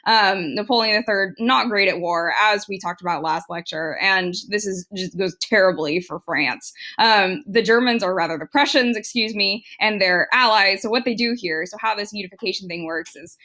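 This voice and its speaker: A young adult woman teaching a casual history lecture, chatty and acting out historical figures in quick quoted asides. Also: mid-range voice, bright, forceful tone.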